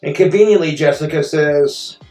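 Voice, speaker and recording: Bitter, profane man venting, slightly high voice, replayed clip in a roomy space with faint music. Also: normal speed, mellow. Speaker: streamer telling his story. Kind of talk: angry personal rant.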